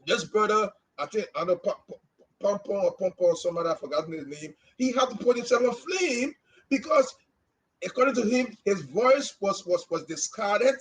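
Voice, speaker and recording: A man's voice: high voice, animated, normal speed, poor audio. A man from Liberia, a former journalist co-hosting a podcast, giving an impassioned opinion and repeating words as he presses his points. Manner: emphatic, repeats words when stressing a point. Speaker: podcast co-host.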